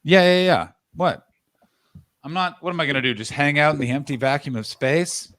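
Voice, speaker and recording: A man hosts a casual live stream, talking in loose, rambling stories. His voice sits a little high. He keeps breaking off into asides, and it sounds like a video call. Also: moderate pace, fairly bright tone. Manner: rambling storyteller, many restarts and asides. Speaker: streamer and host. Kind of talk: casual chat.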